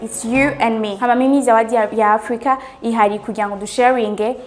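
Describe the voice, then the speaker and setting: A woman's voice: on the high side, steady tone, fast. A woman host gives an earnest, emphatic motivational talk and repeats key words for stress. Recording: music playing underneath. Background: music.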